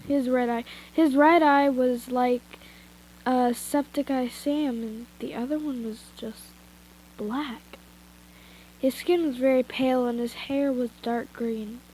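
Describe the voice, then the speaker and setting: A woman's voice: high voice, darkish tone, slight background noise, low-quality recording. A young woman with a stuffy nose casually reading fan fiction aloud, giggling and breaking off into chatty asides. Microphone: headphones with mic.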